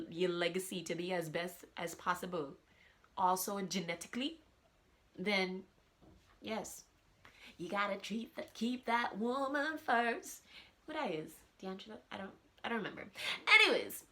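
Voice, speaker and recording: A woman's voice: mid-range voice, a bit bright. A woman hosting a podcast, chatting casually and animatedly while talking straight to her listeners on camera. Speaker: podcast host. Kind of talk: casual chat. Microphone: camera with audio.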